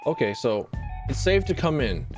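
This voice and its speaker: A young man from the Southern United States streams a game, joking and swearing as he talks to himself and his chat over game music. His medium-pitched voice has big pitch swings and a normal speed, typical of casual gaming stream commentary.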